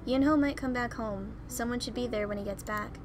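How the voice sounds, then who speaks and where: A composed young man in charge, as a woman reads him gives orders evenly and steadily. Her own fairly high voice stays plain and controlled in this story game. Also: brisk, background noise, natural voice. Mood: calm. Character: calm, level-headed young male leader. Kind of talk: reading game dialogue aloud.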